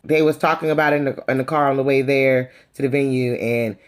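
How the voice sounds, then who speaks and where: A woman's voice: extremely low pitch, fast talker. A woman casually reviewing a reality TV episode, sassy and opinionated, calling people out directly as she goes. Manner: sassy, opinionated gossip commentary; animated, calls out people directly. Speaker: reality TV recap vlogger.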